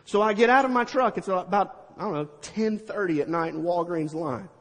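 Middle-aged male preacher, high husky voice, lively storyteller, echoing hall. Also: normal speed. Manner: animated, acts out scenes with sound effects. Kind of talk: storytelling sermon.

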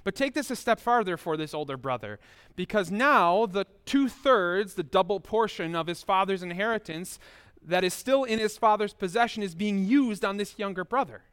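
High-voiced man preaching a sermon. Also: animated, normal speed, few pauses, a bit bright, clean tone. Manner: conversational, addresses listeners directly with rhetorical questions. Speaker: pastor.

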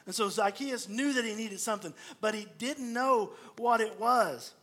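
A middle-aged man, a pastor giving a sermon and telling stories with lively, acted-out asides. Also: high-pitched, moderate pace. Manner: storytelling, animated, acts out quoted voices.

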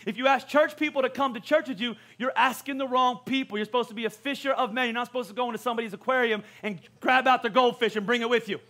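A man preaching a sermon as a pastor, conversational and joking, with quick asides to the congregation. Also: very high voice, sharp tone.

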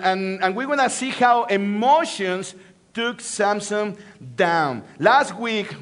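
A middle-aged guest preacher, a native Spanish speaker with a Mexican accent, preaches a sermon to a church and jokes with the congregation. His voice sits high and a bit bright.

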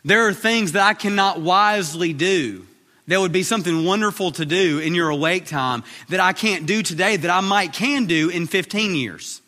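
High, bright-voiced pastor in his thirties. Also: normal speed. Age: 30s. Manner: conversational preaching, repeats phrases for emphasis. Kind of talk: sermon. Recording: reverberant hall.

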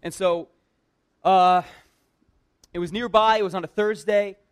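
High-voiced man telling a funny story. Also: a little slow, clear, resonant tone. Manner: lively, conversational, heavy use of "like", self-mocking humor. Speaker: church worker telling a personal story. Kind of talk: casual personal storytelling.

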